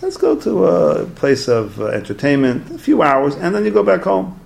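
A man's voice: a little high, wildly swooping pitch, normal speed, creaky, darkish tone, voice pushed up, full character voice. A man voicing the evil inclination as a scheming male tempter with a coaxing manner. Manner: coaxing, wheedling.

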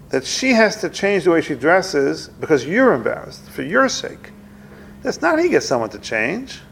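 A man's voice: gravelly, a little hiss or hum. A man giving an informal religious talk in a conversational way, often acting out little dialogues and repeating phrases as he makes his point. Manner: conversational, plays out dialogues with rising pitch, repeats himself.

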